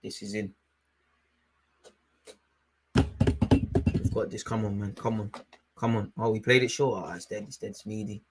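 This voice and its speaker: A young man hosting a live football watchalong. He is excitable, shouts at the referee and drops to low mutters in between. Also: a little slow, long pauses, noisy background. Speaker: fan watchalong host.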